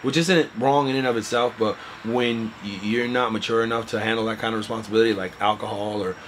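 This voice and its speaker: A man earnestly recounting a personal story in a halting way, his voice often trailing off quietly. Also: lowish voice, steady tone, a little hiss or hum, poor audio. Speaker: interviewee telling a personal story. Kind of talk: candid personal account.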